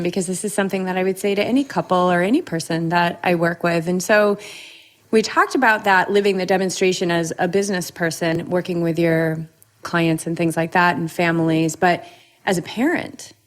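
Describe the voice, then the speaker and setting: A woman hosting a podcast, talking in an animated, quick and chatty way. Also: lowish voice. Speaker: podcast host. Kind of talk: conversational interview.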